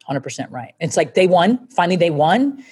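A woman's voice: fairly low pitch, sing-song, brisk, warm tone, husky. Blunt, swearing woman telling her story. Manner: blunt and emphatic, swears freely. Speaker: guest. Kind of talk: candid interview storytelling.

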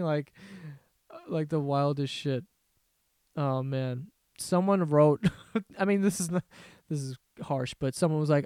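A man's voice: a little high, unhurried, long pauses, a little mellow, clean tone, no room sound, clean studio sound. A young man hosting a podcast, telling a story in a casual, profane, exasperated rant with jokes. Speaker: podcast host. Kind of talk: casual ranting monologue.

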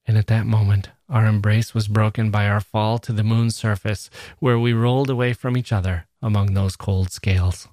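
A man, a podcast host, giving a measured and expressive first-person reading of a literary short story. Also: lowish voice, dry recording, studio quality.

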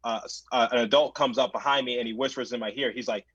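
A young man tells a story on a podcast, excitable and full of restarts. He sounds dry and close, with a dull, lo-fi tone. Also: medium pitch, fast talker, husky, no echo. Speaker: podcast guest. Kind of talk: casual podcast chat. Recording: dull lo-fi mic.

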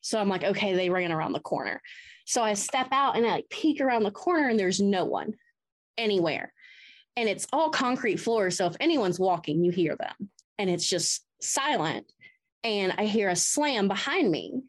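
A woman tells her own ghost story as a podcast guest, with a voice of middling pitch. She talks in an animated way and plays out her past words with feeling. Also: moderate pace. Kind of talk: first-person ghost story told in an interview.

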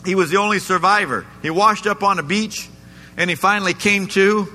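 A man's voice: high-pitched, a little fast, sharp tone. A man pastor preaching a sermon in a church, emphatic and repeatedly asking the congregation questions. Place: church sanctuary. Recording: echoey church hall, faint noise.

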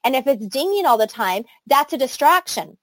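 With a high, very animated voice at normal speed, a middle-aged woman who leads a network marketing team gives her salespeople a pep talk. She's eager and talkative, frequently using fillers and starting over, and there's no room sound at all.

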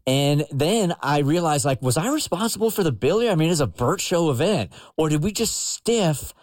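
A man hosting a morning radio show, telling stories in a relaxed chatty way and checking in with "right?". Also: a little high, normal speed, no echo, clean studio sound. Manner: laid-back storytelling with frequent "right?". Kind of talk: casual morning radio chat.

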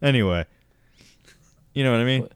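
A man's voice: mid-range voice, expressive, normal speed, clear, resonant tone, no echo. A man in casual podcast chat who laughs often and swears freely. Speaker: co-host.

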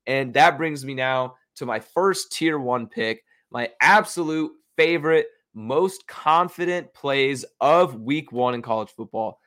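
A young man at a middle pitch talks through his football betting picks as a solo podcast host. He sounds casual and confident and pokes fun at himself. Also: measured pace, few pauses, fairly bright tone. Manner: chatty, confident, self-mocking.

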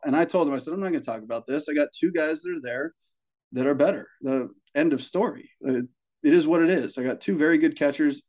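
A young man chats casually, like he's on a podcast, about coaching high school baseball. He speaks at an ordinary middle pitch. His delivery is animated and a bit profane, and he bounces into higher voices to act out quoted parents and colleagues. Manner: animated storyteller, swears, acts out quoted people.

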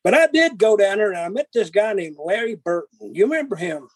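A man's voice: high voice, very animated, fairly quick, husky, dry recording, rough recording. An older man telling blunt, profane stories and acting out old arguments. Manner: profane, blunt, acts out quarrels in dialogue. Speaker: guest. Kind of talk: casual storytelling.

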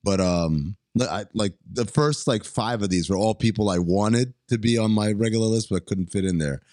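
A man co-hosting a comedy podcast in casual chat, animated and breaking into mock voices and laughter. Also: on the low side, moderate pace, dry recording. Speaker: podcast co-host.

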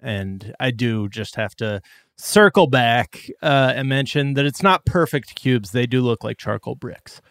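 A man co-hosting a comedy podcast at an everyday middle pitch. He keeps the chat moving with jokey quips. The sound is close and dry. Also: unhurried, fairly bright tone, dry recording. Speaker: podcast co-host.

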